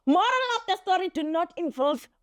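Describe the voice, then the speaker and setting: Animated high-voiced woman. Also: fairly quick. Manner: animated, laughing, acts out quotes. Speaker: vlogger. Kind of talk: casual story time.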